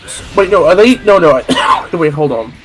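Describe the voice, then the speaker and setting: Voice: medium pitch, animated, moderate pace, soft background music, poor audio. A streamer rambling through a story in casual chat while gaming, with many restarts.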